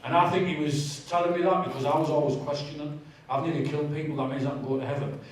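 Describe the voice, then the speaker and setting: A man's voice: on the high side, steady tone, fast talker, slight background noise. Man telling his story in an echoey church hall. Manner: candid, conversational storytelling with humour. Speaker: guest speaker giving testimony. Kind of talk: personal testimony in a church. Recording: very echoey hall, distant mic.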